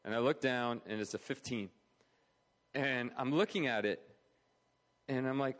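A man's voice: mid-range voice, measured pace, a bit bright. A middle-aged man speaking at a charity talk, telling a personal story in an earnest, conversational way. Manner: earnest, conversational, acts out quoted voices.

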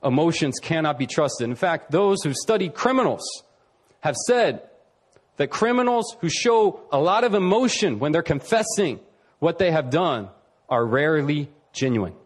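Male preacher, husky voice, swinging pitch, emphatic sermon delivery with slowed key phrases. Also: animated.

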